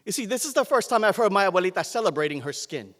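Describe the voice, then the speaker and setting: A man's voice: sits high, big pitch swings, very fast. A man from Puerto Rico performing a spoken word poem on stage, with a rhythmic, impassioned delivery. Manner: rhythmic, impassioned, building to shouts. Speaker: slam poet. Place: stage at a live poetry event. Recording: long reverb of a large hall.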